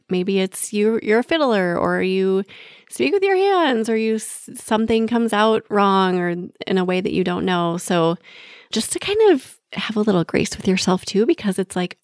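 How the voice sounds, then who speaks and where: A woman's voice: mid-range voice, dry recording, clean studio sound. A woman hosting a podcast, chatty and effusive, with frequent filler words. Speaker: podcast host. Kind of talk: podcast interview.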